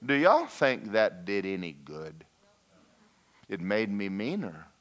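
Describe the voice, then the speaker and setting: A pastor with a lowish voice preaches slowly in a lively, folksy, animated sermon, slipping into mock voices and tossing asides to the congregation.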